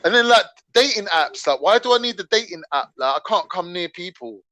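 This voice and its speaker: A man's voice: high voice, animated, a little fast, pushed and bright, dry recording. A man ranting and telling stories in slang on a video call. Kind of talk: casual chat.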